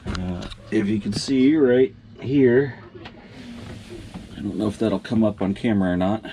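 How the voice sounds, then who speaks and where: A man talking casually for a vlog in an easygoing, chatty way, pausing with fillers as he goes. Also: on the low side, dark tone, a little hiss or hum. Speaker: vlogger.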